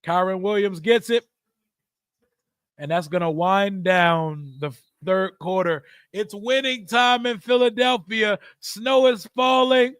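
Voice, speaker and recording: High-voiced hyped young man streaming live. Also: dry recording, studio quality. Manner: hyped, talkative, loud swings between shouting and mumbling. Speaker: streamer hosting a live watch party. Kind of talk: live sports reaction stream, reading chat.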